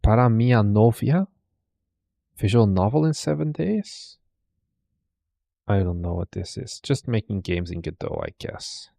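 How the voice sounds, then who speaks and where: A man's voice: on the low side, animated, unhurried, gravelly, long pauses, warm tone, dry recording, clean studio sound. A man hosting a stream, casually commenting and teasing as he looks through viewers' desk setups. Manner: chatty, teasing, thinks aloud. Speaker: streamer host. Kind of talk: casual commentary reacting to videos.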